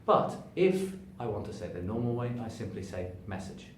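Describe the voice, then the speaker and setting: A man delivers a pronunciation lesson to camera at a moderate pace, standing before a sign and stepping in and out toward the distant camera. He shows stress by stretching words, his pitch moving in lively ways, and the echo of the room makes him sound far away over faint noise.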